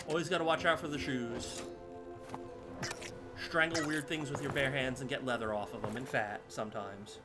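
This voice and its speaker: A man's voice: a little high, bright, forceful tone. Chatty male streamer over game music. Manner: chatty, scattered, swears casually. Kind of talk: casual gameplay commentary. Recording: music playing behind.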